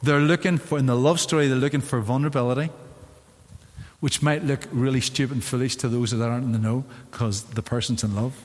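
A man with a Northern Irish accent preaching a sermon as pastor, in an animated, theatrical way. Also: medium pitch, fairly quick. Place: church sanctuary. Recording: long church hall reverb.

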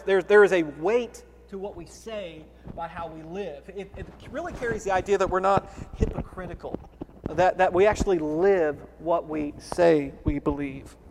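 A man preaching an expository sermon, earnest and emphatic, swinging between loud stresses and quiet low asides. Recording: long hall reverb.

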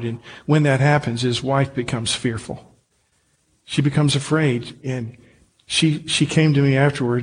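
A man preaching a Christmas sermon in a church, speaking earnestly and gently, then leading the congregation in prayer. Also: medium pitch, a little hiss or hum. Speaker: pastor.

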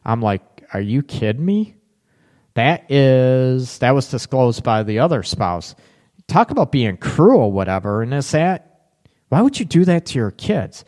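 A man's voice: medium pitch, very animated, unhurried, darkish tone. A middle-aged man hosting a live relationship advice show, chatting casually and reading out viewer comments. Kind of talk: live call-in advice talk.

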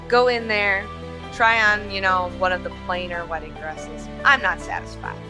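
A woman, likely in her thirties, hosting a podcast and telling a personal story in a chatty, animated way with joking asides. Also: medium pitch, normal speed, music in the background. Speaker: podcast host.

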